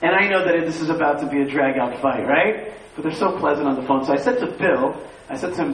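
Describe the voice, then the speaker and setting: A man telling stories to a live audience, animated, repeating phrases and quizzing the crowd. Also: fairly high pitch, fast. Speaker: speaker addressing an audience. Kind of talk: lively storytelling talk. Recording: echoey room, far from the mic, faint hiss.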